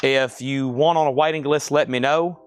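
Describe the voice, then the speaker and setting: A man's voice: medium pitch, fairly even intonation, moderate pace, clear, resonant tone, no room sound, soft background music. A man hosting a live record-sale stream, reading out items, prices and bids in a chatty, self-deprecating way.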